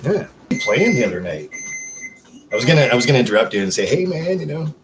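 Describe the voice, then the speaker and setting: A man's voice: on the low side, very animated, quick pace, background noise. Male streamer, casual home live-stream chat, crude and joking with viewers.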